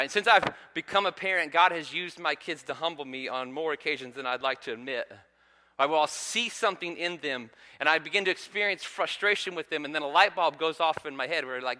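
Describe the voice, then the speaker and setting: Bright-voiced pastor in a reverberant hall. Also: male voice, fairly high pitch. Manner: conversational storytelling with frequent ums. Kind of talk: sermon. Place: church sanctuary.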